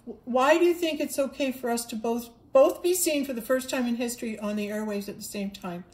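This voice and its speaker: A woman's voice: fairly high pitch, fairly quick, a little mellow, roomy sound. A woman giving an earnest spiritual monologue, repeating herself and stumbling over restarts as she speaks. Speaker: spiritual livestreamer.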